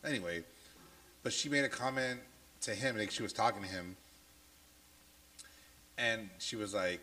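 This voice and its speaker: A man with a low voice co-hosting a casual podcast, rambling with many fillers, getting over a cold. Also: moderate pace, pauses often, bright, forceful tone, rough recording. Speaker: podcast co-host.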